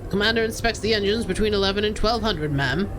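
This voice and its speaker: A woman's voice: mid-range voice, fast, background noise, close to an everyday voice. A woman voicing a polite young male ship's officer who answers deferentially.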